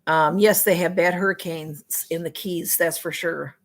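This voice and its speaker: A woman's voice: lowish voice, steady tone, a little slow. A woman hosting a casual livestream, chatting to viewers and reading their comments, often apologizing for missing what they wrote. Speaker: livestream host.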